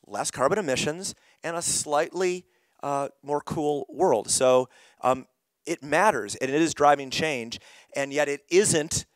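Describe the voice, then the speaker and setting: A man's voice: fairly high pitch, dry recording. A middle-aged man leading an interactive climate workshop, calling on audience members while losing his voice. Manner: engaging, calls on audience members.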